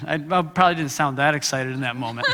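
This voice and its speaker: A man gives a candid, conversational sermon, often stopping to ask the congregation questions. His voice is bright and fairly high for a man. It rings out with the long reverb of a church hall. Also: fast talker. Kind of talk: sermon with personal testimony. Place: church sanctuary.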